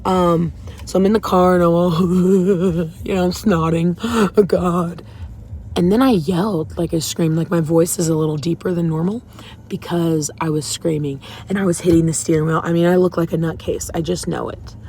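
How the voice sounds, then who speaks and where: Gravelly low-voiced woman vlogging from her car. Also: steady tone, a little fast, dark tone, a little hiss or hum. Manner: rambling, candid and emotional. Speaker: faith vlogger. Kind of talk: casual confessional vlog. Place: parked car in a store parking lot.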